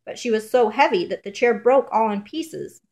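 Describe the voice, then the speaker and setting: A woman's voice: on the high side, expressive, a little mellow. Woman reading a fairy tale aloud. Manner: measured, rhythmic storybook reading. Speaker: storyteller.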